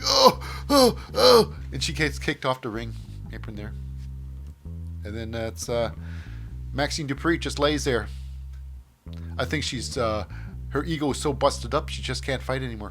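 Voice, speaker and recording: A man's voice: medium pitch, a bit bright. A man hosting a show, casually recapping in a rambling way, often acting out scenes in voices. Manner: rambling, many fillers and restarts, acts out scenes. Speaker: podcast host.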